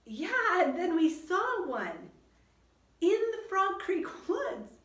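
A careful, bookish young boy frets and doubts in slow, deliberate lines, voiced by a woman reading a storybook. His voice stays a bit lifted and anxious. It sounds in an echoing room. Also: very high-pitched, very animated, a bit bright, distant mic, pitched above the performer's own voice, exaggerated voice. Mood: worried. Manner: worried, doubtful. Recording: roomy echo.

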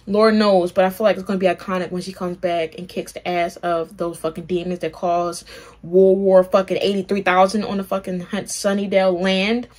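A young woman hosting a reaction channel, talking in a rambling, excitable way with plenty of swearing and fillers. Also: fairly low pitch, moderate pace. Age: young adult. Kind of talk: casual reaction commentary.

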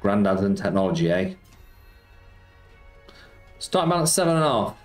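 At a normal speed, a man with a lowish voice and big pitch swings hosts a casual slots stream. He chats away, reads viewers' messages out loud, responds, and says "mate" often. Expect a roomy echo with music in the background.

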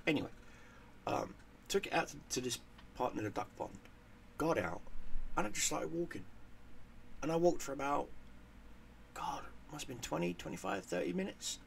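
Gravelly man telling a rambling story. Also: medium pitch, lively intonation, fairly quick, pauses often, slight background noise. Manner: profane, rambling, with repeated words. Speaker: gaming channel host. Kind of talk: casual storytelling monologue.

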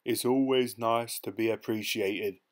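A man's voice: on the low side, fairly even intonation, a little slow, natural voice. Man doing a cocky pickpocket. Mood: triumphant. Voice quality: cocky, streetwise. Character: sly, boastful male pickpocket hitch-hiker.

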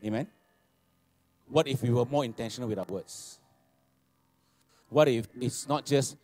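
A man, preaching a sermon, animated and laughing, repeating phrases and asking for amens. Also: medium pitch, unhurried, long pauses. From Malaysia. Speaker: pastor. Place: church hall.

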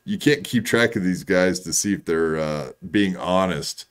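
Fast-talking, foul-mouthed ranting man. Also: deep voice. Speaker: co-host. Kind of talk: casual chat on a live stream.

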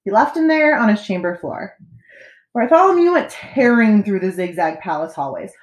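A woman reading a children's picture book aloud, with expressive, dramatic delivery. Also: mid-range voice, moderate pace. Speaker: storyteller. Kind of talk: children's story read-aloud. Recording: echoey room.

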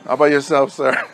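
A man's voice: on the high side, breathy edge. A middle-aged man from Hawaii co-hosting a podcast in casual chat, rambling and laughing as he tells coaching stories. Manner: rambling, laughing often, acts out loud exasperated coach lines. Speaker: podcast co-host, high school football coach.

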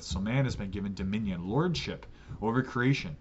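A man's voice: on the low side, fairly quick, highs cut off, slight background noise. A man teaching a church catechism lesson as pastor, earnest, often repeating words as he restarts a sentence.

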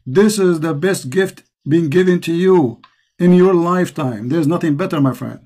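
A man's voice: a little high, moderate pace, darkish tone. A man with an Arabic accent preaching with passion and repetition to a caller as the host. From Middle East.

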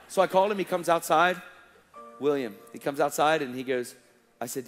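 A slightly high-voiced man tells a testimony from a stage, animated and casual, full of slang and acted-out dialogue. His voice rings through a long hall reverb, with faint music under it. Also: fairly quick. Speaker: preacher. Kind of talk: sermon testimony storytelling.

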